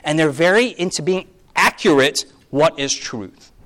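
Animated pastor in his thirties. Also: on the high side, unhurried. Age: 30s. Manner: animated, acts out quoted voices, asks the audience questions. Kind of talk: sermon lecture with slides.

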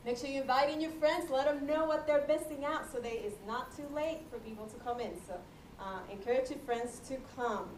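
A woman's voice: sits high, darkish tone. A woman making chatty, joking announcements at a gathering in a large hall. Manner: chatty, joking, slow and deliberate. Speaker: event announcer. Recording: echoey hall from far off, faint noise.

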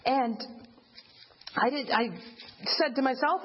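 A woman giving an earnest personal faith testimony as a widow, telling her story plainly and rising in pitch when she relives her cries. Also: animated, normal speed. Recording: dull lo-fi recording.

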